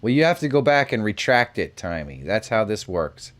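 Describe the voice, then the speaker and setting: A man's voice: on the low side, sing-song, moderate pace, fairly bright tone. A middle-aged man hosting a live stream, chatting casually, reacting to messages and laughing often. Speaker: live show host. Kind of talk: casual live-stream chat reading comments.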